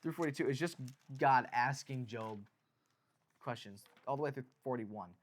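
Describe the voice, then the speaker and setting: A man's voice: medium pitch, normal speed. A man co-hosting a podcast, chatting casually about the Bible and reading long scripture passages aloud, with fillers and laughs. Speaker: podcast co-host. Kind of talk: casual Bible study chat.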